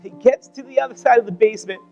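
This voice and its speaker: A man's voice: very high-pitched, fast talker, creaky, a little mellow, lo-fi sound, soft background music. A man preaching a sermon, telling a wartime story dramatically and dropping to near whispers at tense moments. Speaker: pastor. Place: church sanctuary.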